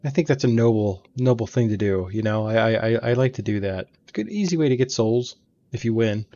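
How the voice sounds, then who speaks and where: A man's voice: lowish voice, animated, a little fast, dark tone, dull audio, a little hiss or hum. A man hosting a let's play, telling long stories about beating game bosses in a chatty, rambling way from his home gaming room. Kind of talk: casual gaming commentary.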